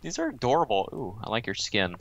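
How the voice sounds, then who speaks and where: A man's voice: medium pitch, wildly swooping pitch, a little fast, vocal fry. A teenage boy chatting playfully while playing a game with a friend. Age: teens. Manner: playful, joking. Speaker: gamer. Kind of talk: casual gameplay chat.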